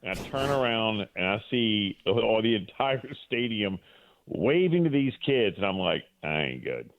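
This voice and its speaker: A man's voice: lowish voice, expressive, measured pace, no echo. A man calling in as a sports broadcaster guest, telling an emotional story in a rambling way with many restarts. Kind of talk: casual radio interview. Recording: dry tinny phone line.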